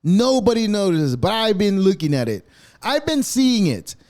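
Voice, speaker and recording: Animated, profanity-heavy ranting man. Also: high voice, moderate pace. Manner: swears constantly, rambling and sarcastic. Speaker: podcast host.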